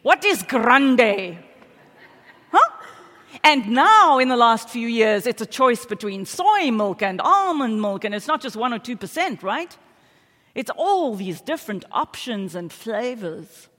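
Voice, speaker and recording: A woman's voice: a little high, sing-song, a little slow, fairly bright tone. South african lady pastor preaching, chatty and joking at herself, big echoey church hall. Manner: chatty, self-deprecating storytelling with audience asides. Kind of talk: sermon. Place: church sanctuary. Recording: long church hall reverb.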